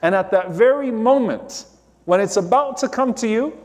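A man's voice: high-pitched, animated, normal speed, darkish tone, big-room sound. A man giving a sermon as a preacher, earnest and explanatory.

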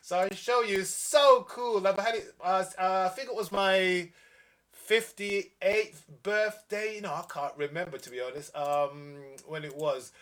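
A man's voice: sits high, normal speed, few pauses, fairly bright tone. A man hosting a live kids' show, chatting casually with listeners in a playful, teasing, mock-indignant way.

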